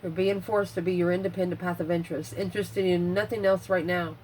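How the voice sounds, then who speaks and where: A woman's voice: on the low side, steady tone, a little fast, a little mellow, slight background noise, poor audio. A woman giving a casual tarot reading, blunt and swearing freely, out of breath as she muses over the cards. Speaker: tarot reader.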